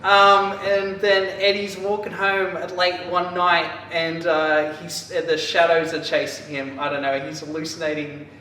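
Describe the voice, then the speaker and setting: A man casually recapping a book for a podcast, rambling and animated, with lots of filler words. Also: a little high, measured pace, few pauses. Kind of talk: casual chat. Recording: echoey room, distant mic, faint hiss.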